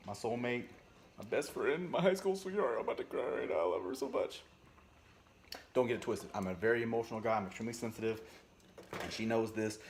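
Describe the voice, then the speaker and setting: In this casual cooking vlog, a young home cook makes stew in his kitchen, talking playfully and humming small sound effects as he works. His voice sits low, and a little hiss or hum can be heard.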